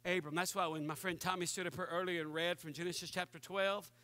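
A pastor preaches with lively energy, talking straight to the congregation and slipping into the voices of the people he quotes. His voice sits high and bright. The sound is close and dry, with no room echo. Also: quick pace. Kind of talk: sermon.

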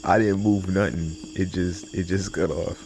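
A man's voice: low-pitched, steady tone, normal speed, darkish tone, a little hiss or hum. A man doing casual, joking let's-play commentary, rambling and tossing in playful noises as he plays. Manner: joking, rambling, playful mutters and sound effects. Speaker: gaming YouTuber.

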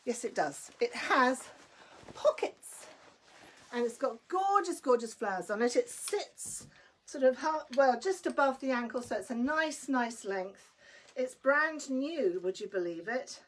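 This clothing seller streams live in a high, expressive voice at a measured pace, with a faint hiss or hum in the audio. Chatty and enthusiastic, she greets viewers by name and sounds a little out of breath.

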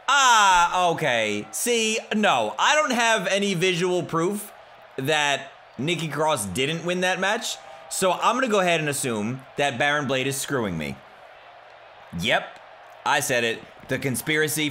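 High bright-voiced guy yelling and laughing at a wrestling game, faint hiss behind. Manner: animated, shouting and laughing at the game. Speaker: gameplay commentator. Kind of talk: excited gameplay commentary.

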